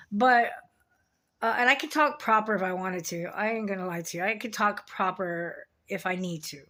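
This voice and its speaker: A woman's voice: mid-range voice, a bit bright. A middle-aged woman talking to camera in a casual confessional monologue, blunt and rambling, swearing heavily as she restarts her sentences. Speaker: vlogger.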